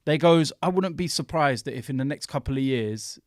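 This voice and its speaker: A man trading casual football banter on a podcast, jokey and animated. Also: mid-range voice, fairly quick, no echo, clean studio sound. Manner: animated, jokey trash talk with laughs. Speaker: podcast guest and fan pundit.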